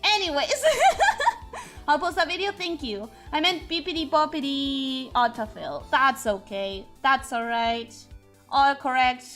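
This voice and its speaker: A Spanish-speaking woman streams live, chatting casually in Spanish-accented English and reading chat aloud as she rambles and thinks out loud. Her voice sits high and her pace is measured, with faint music in the background.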